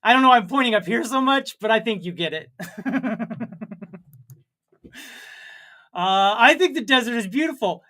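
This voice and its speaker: A man's voice: sits high, lively intonation, moderate pace, long pauses, sharp tone. Rambling jokey man reading chat. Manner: rambling, jokey and self-mocking. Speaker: co-host of a comedy livestream. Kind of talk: casual chat reading viewer comments.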